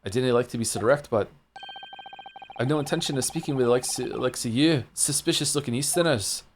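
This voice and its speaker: A man voicing a gruff, suspicious male prison governor, attempting a Scottish accent. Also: medium pitch, moderate pace, slight background noise, lightly acted. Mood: dismissive. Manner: blustering and suspicious.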